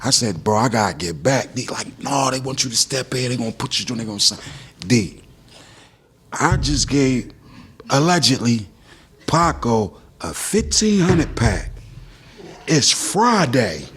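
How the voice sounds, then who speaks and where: A man's voice: mid-range voice, unhurried, slight background noise. A man from Philadelphia telling stories in a casual chat and acting out what people said. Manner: animated storytelling, acting out quotes. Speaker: guest rapper.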